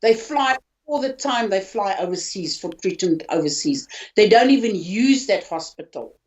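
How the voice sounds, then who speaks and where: An older woman from South Africa recounts her hospital experiences with raw emotion, stumbling and repeating herself as she talks. Her pitch sits mid-range for a woman. The audio is dull and lo-fi. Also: animated, a little mellow. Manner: halting, repeats words, voice rising when upset. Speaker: interviewee, hospital patient. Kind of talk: emotional personal account.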